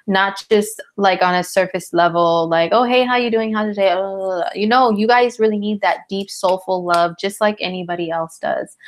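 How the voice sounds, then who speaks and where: A tired woman hosting a casual live astrology chat, talking in a slangy, chatty way and answering viewer comments. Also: medium pitch. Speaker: astrologer host.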